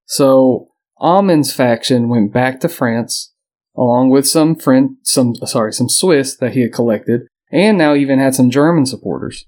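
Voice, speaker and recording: A male co-host on a podcast, his mid-range voice running a touch slow, retells history in a casual way. The delivery is relaxed, with frequent fillers and small laughs.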